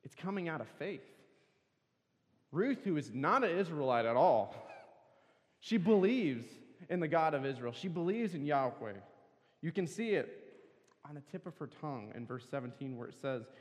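A man's voice: a little high, lively intonation, normal speed, a little mellow. A man preaching at a campus worship service, telling a scripture story earnestly and pressing hard on key words. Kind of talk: sermon. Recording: long hall reverb.

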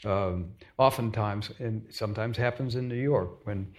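A man from Texas, an author, explaining his ideas in an onstage conversation in a measured way, with many pauses and restarts. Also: fairly low pitch, darkish tone.

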